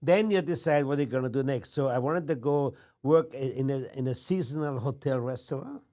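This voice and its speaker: Austrian chef guy in his 60s, accent, short plain phrases, middle pitch. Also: brisk, dark tone. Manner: plain, clipped phrases, recounting his career. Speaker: chef and restaurant owner. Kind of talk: interview answers.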